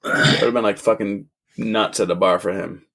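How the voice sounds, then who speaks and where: A man's voice: fairly low pitch, steady tone, moderate pace, creaky, fairly bright tone. A man co-hosting a laid-back podcast, loose and crude. He swears freely and keeps the chat rolling with easy laughter. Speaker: podcast co-host. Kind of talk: casual chat.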